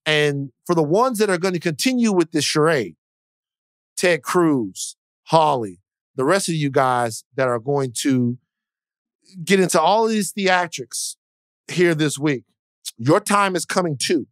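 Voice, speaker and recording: A man's voice: a little high, measured pace, no echo. Male podcast co-host, emphatic and rhythmic, dry close mic. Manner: emphatic, preacher-like building cadence. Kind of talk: casual podcast chat.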